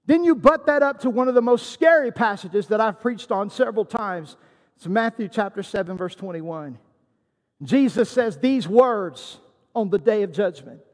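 A man's voice: high-pitched, lively intonation, normal speed, big-room sound. A man preaching a sermon as pastor, emphatic and quoting scripture.

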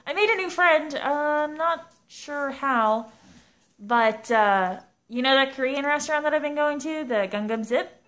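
A woman's voice: on the high side, expressive, a little slow, a bit bright, soft background music. A young woman vlogging at home, chatting casually in a rambling, self-mocking way. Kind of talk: casual vlog chat. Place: at home indoors.

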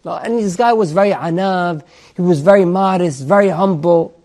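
A man teaching a Torah class, telling a story in an animated way and mixing in Hebrew words. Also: sits high, normal speed. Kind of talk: sermon with an acted story.

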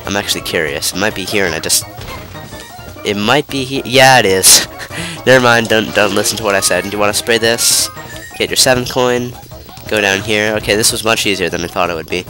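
A man's voice: lowish voice, a little fast, bright, forceful tone. A young man with a stuffy, congested voice giving rambling, casual commentary while playing a video game. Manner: rambling, self-interrupting, lots of fillers. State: stuffy, nasal from a cold. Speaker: let's play commentator. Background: game music.

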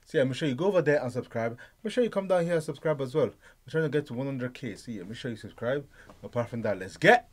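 A young man co-hosting a reaction channel, chatting excitedly in a slangy way with bursts of laughter. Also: mid-range voice, fast talker. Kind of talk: excited casual reaction chat.

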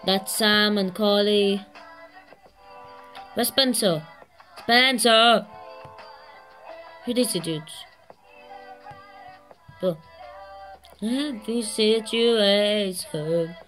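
A woman hosting a gaming channel, giving excitable let's-play commentary, swearing constantly and laughing at herself. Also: medium pitch, extremely slow, pauses often, faint music behind.

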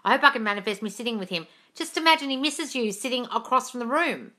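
High-pitched and animated, she talks fast in a bright, forceful tone. Livestreaming casually by phone from home with her cat, she reads out comments, fields viewer questions, curses freely and calls everyone darling.

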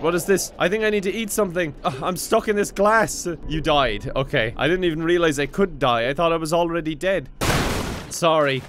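A man's voice: mid-range voice, fairly bright tone. A man giving comedic gameplay commentary with sarcastic jokes and frequent laughs. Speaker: gaming YouTuber.

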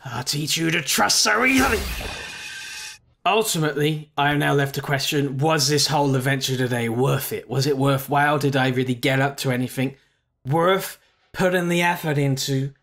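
A man's voice: mid-range voice, fairly even intonation, brisk, fairly bright tone. A man commenting on a game he plays, sarcastic and mock-exasperated. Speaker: gaming video host.

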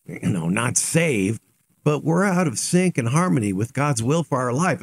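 A male pastor giving a short devotional sermon in a conversational, animated way, dropping low and quiet when voicing repentance.

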